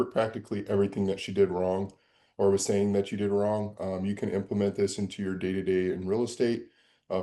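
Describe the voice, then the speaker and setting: A man with a very deep, dark voice gives a halting answer in class, with plenty of fillers. He speaks almost without melody, keeping a flat, even tone. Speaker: course participant.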